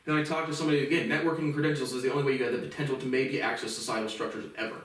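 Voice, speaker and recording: A man's voice: mid-range voice, flat delivery, racing, a bit bright. A man in his late twenties ranting bitterly to camera in a profane personal monologue. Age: late 20s. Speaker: vlogger. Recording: echoey room from far off.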